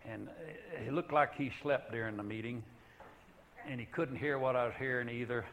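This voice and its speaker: An older man preaching a sermon in an earnest way, rising to loud emphatic peaks and then dropping to hushed, low passages. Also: steady tone, moderate pace, a little hiss or hum, low-quality recording.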